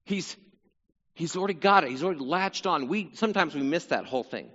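A man's voice: on the high side, lively intonation, a little fast, a bit bright, in a large hall, dull audio. A man teaching through a psalm in sermon style, earnest, repeating phrases and voicing the psalmist's cry. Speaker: Bible teacher.

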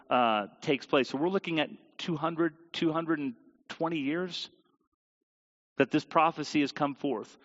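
A man preaching a sermon and reading scripture aloud, animated and sometimes tripping over hard names. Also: medium pitch. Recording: dull audio with long hall reverb.

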